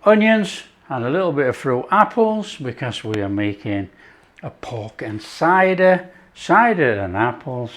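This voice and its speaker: A man's voice: mid-range voice, a little slow, slight background noise. A man hosting his own cooking show, chatting casually as he prepares a dish. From not France. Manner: chatty, relaxed, talks while working.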